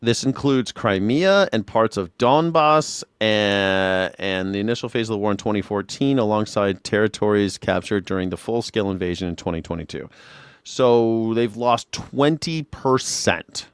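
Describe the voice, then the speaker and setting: A man's voice: on the low side, moderate pace, clear, resonant tone, dry recording, studio quality. A man giving casual, profane commentary while reacting to a hearing clip, blunt and sarcastic. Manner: sarcastic, blunt, swears freely.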